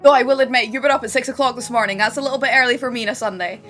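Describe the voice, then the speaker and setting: A woman's voice: a little high, fairly even intonation, very fast, a bit bright, faint music behind. A Scottish woman streaming from home, chatting effusively with her viewers and swearing casually at times. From Scotland.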